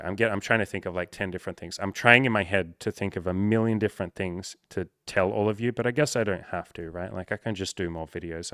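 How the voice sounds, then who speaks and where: A man's voice: deep voice, no room sound, studio quality. A young man hosting a podcast, talking candidly and near tears in a personal monologue, swearing freely. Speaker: podcast host.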